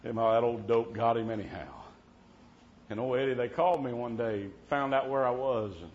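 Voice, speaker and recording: A man preaching a sermon in a folksy storytelling way, dotting his talk with amen and swinging between loud and hushed. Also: medium pitch, steady tone, brisk. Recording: muffled lo-fi with faint hiss.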